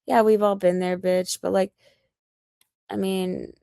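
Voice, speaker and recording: A woman's voice: mid-range voice, flat delivery, takes it slowly, creaky, warm tone, clear, resonant tone, no room sound. A young American woman livestreaming, ranting in a rambling, heated and profane way. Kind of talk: casual livestream rant.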